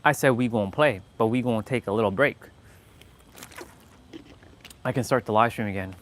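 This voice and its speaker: A man chatting casually on his live stream, hyped and boastful, repeating his phrases. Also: medium pitch. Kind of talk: casual livestream chat.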